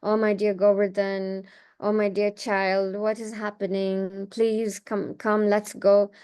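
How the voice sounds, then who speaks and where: An old holy sage who is gentle and sweetly coaxing, as a woman storyteller gives him voice. His voice stays at an ordinary middle pitch, as in a story read aloud to a group. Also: flat delivery, slow, clear, resonant tone, lightly acted. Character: old male sage, kindly then coaxing.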